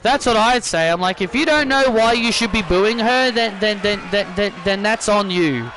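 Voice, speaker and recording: High-pitched man doing excitable wrestling commentary. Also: normal speed, background noise. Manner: excitable, repeats phrases, shouts at big moves. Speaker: gaming channel host. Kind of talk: mock wrestling play-by-play over a video game.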